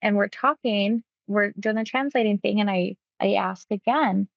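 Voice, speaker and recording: A woman hypnotherapist recounting a client's session, talking quickly and acting out quotes. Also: mid-range voice, creaky, no echo, lo-fi sound. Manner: quick, animated retelling with acted quotes. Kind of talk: storytelling about a client session.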